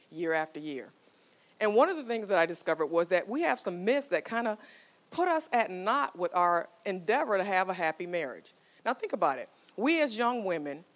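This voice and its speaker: A woman in her forties giving a motivational talk, telling stories and coaxing the audience with questions. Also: fairly low pitch. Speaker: marriage speaker.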